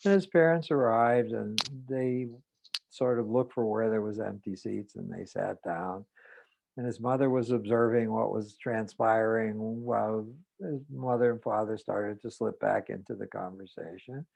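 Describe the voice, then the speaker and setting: A man, a psychotherapist, telling a clinical case story in a measured way with hesitant pauses. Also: lowish voice, gravelly, darkish tone, no room sound, rough recording. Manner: measured, with hesitant fillers and restarts.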